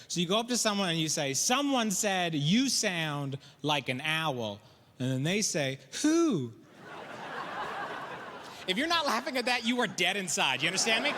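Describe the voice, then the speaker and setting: A man from the Canadian prairies doing stand-up, telling animated stories and acting out the characters in them. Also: sits high. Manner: animated storytelling, acts out characters. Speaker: stand-up comic. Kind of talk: stand-up comedy. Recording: reverberant hall, faint noise.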